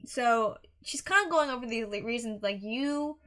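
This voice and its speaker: Young woman, music reaction host, earnest and rambling; slightly high, bright voice. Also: normal speed. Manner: rambling, earnest, with frequent restarts and fillers. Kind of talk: casual song review monologue.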